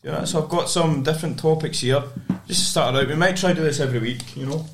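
A man's voice: fairly high pitch, quick pace, background noise. A young Scottish man from Glasgow hosting a casual podcast chat, rambling with lots of restarts. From Scotland (Glasgow). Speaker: podcast host. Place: studio.

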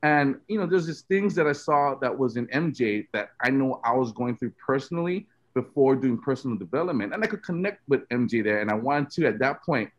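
A man's voice: mid-range voice, lively intonation, brisk, few pauses, lo-fi sound. A man who coaches personal development, talking earnestly and reflectively as a regular guest on a casual podcast.

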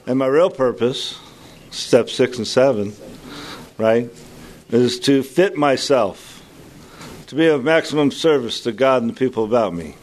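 Man introducing a speaker, warm, unhurried, pauses and fillers, faint background noise. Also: mid-range voice. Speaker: introducer at a recovery retreat.

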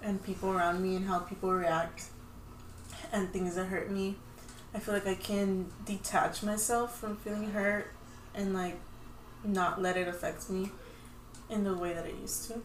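A woman in her twenties in a casual podcast chat, speaking calmly and thoughtfully. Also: mid-range voice. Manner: calm, thoughtful, unhurried. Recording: echoey room, faint hiss.

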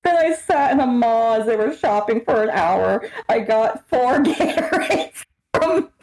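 A young American woman co-hosting a podcast, telling a story in an animated, expressive way. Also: on the high side, measured pace, poor audio. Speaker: podcast co-host. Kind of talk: casual chat, storytelling.

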